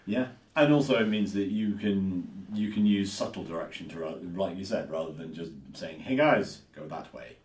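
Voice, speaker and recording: A man's voice: sits low, moderate pace, few pauses, darkish tone, slight background noise. A man co-hosting a podcast, chatting casually and thinking aloud, often repeating himself. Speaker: podcast co-host. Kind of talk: casual chat. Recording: echoey room, distant mic.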